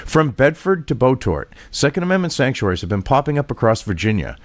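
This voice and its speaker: Heated, lively-voiced man ranting. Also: medium pitch, a little fast, dry recording. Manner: heated, profane and sarcastic; reads an article aloud and rebuts it. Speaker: political commentator. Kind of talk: ranting commentary vlog.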